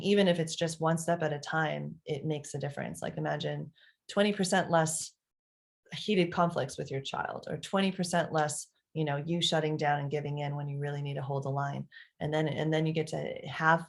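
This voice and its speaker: A middle-aged woman parenting coach giving a casual live coaching talk, animated and full of fillers and restarts, acting out quotes from her own life and her clients. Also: low voice, brisk, vocal fry.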